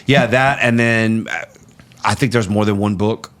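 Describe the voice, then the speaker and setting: A man telling stories as a guest on a podcast, candid and animated, laughing at his own tales. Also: lowish voice, unhurried, background noise. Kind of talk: storytelling in a podcast interview.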